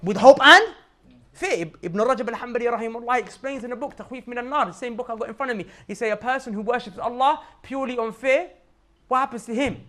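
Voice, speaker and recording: A man's voice: very high-pitched, quick pace, a bit bright. A man giving a casual religious reminder talk, talking in everyday slang and pressing his listeners with emphatic rhetorical questions. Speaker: Islamic preacher.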